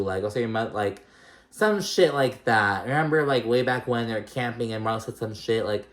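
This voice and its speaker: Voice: medium pitch, brisk. A vlogger giving a casual, chatty recap of a reality show episode, swearing freely and using lots of "um" and "like". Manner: chatty, swearing, many fillers.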